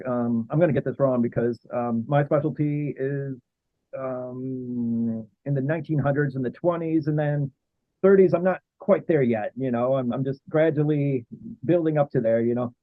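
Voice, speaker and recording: A man talking as a guest historian in a casual interview, halting with many fillers and restarts. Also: mid-range voice, no echo. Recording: tinny phone-like line.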